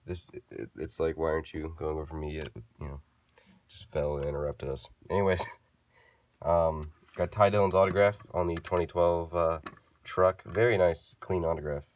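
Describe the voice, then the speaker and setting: Low-voiced young man rambling to camera. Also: steady tone, normal speed, a little hiss or hum. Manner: rambling, self-correcting, joking asides. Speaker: collector showing his diecast cars. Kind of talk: casual chat to camera.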